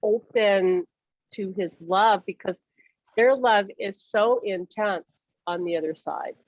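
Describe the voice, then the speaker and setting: A woman giving a mediumship reading in a casual, animated way, often laughing and acting out what others say. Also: medium pitch, slow, no echo, lo-fi sound. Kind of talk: casual reading over a call.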